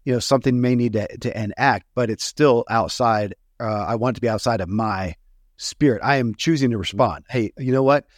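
Guy musing out loud on his podcast, earnest, restarts a lot, mid voice, dry sound. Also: medium pitch, brisk, no echo. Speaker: podcast host. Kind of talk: casual reflective conversation.

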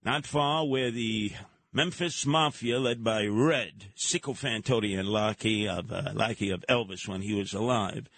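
A man's voice: medium pitch, no room sound. A man hosting a talk radio show, ranting in a monologue and slipping into mocking impressions. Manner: animated, jumping into mocking impressions.

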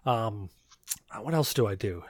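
A man's voice: fairly low pitch, expressive, measured pace, dry recording. A man on a casual podcast, telling a rambling, laughing anecdote with plenty of swearing. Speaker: podcast guest. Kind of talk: casual chat, storytelling.

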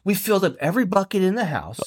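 A man's voice: high-pitched, very animated, fast talker, breathy edge, no echo, pitched above the performer's own voice, heavily acted. A man voicing a drunk adult male driver who makes flustered, whiny excuses to a cop. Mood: pleading.

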